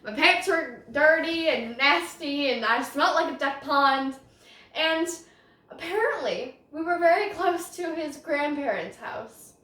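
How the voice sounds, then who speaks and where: Podcast host: young woman, rambling self-conscious storyteller, bright high voice, sits back from the mic. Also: animated, unhurried, distant mic. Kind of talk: casual storytelling. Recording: roomy echo, voice off-mic.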